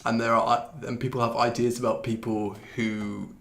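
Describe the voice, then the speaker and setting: A man, teaching pronunciation in a relaxed, chatty live stream, often restarting his sentences and swearing mildly at his computer. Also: mid-range voice, normal speed, vocal fry. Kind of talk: live-streamed lesson, answering viewer comments.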